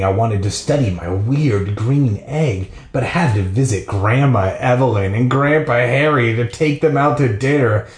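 A man's voice: mid-range voice, reverberant. A man hosting a podcast, reading a children's book aloud with irreverent, profane comic asides, recorded in a bathroom.

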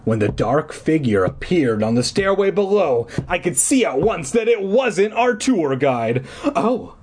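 Guy reading a spooky kids' book out loud, husky voice, goofy asides, lively pitch. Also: a little slow. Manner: jokey crude asides, lively. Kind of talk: reading a children's book aloud.

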